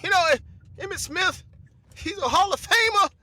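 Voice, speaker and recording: A man with a very high, sharply bright voice rambles through a comic monologue as podcast host. He keeps cutting himself off with asides and repeats his phrases for effect. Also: animated, normal speed. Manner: rambling, repeats "listen" and "right?". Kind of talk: stand-up style comedy monologue.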